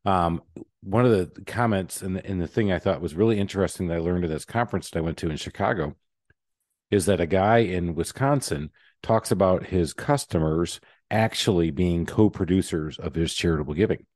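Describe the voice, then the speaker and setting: Deep-voiced joking podcast host. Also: male voice, brisk, darkish tone, dry recording, clean studio sound. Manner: rambling, joking. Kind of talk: casual interview chat.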